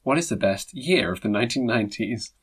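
A husky man co-hosting a podcast in relaxed conversation. He teases his partner and breaks into laughter often, talking at a steady middle pitch. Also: fairly quick. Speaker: podcast co-host. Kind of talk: casual chat.

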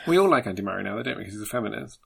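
A man's voice: fairly low pitch, animated, rapid-fire, gravelly, husky. A man co-hosting a casual chat, dry and sardonic, teasing his friend. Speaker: podcast co-host.

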